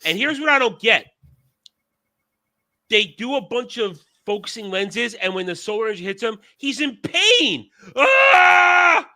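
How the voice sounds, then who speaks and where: A man's voice: high-pitched, normal speed, pauses often, sharp tone. A man hosting a casual podcast discussion, talking in a blunt, profane, ranting manner. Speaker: show host.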